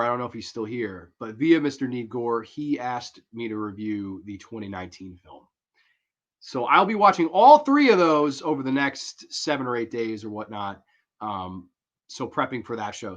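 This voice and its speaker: A young man hosting a horror movie review livestream, chatting casually and rambling as he answers viewers. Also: mid-range voice. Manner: rambling, slangy, reads chat aloud. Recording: dull lo-fi stream audio.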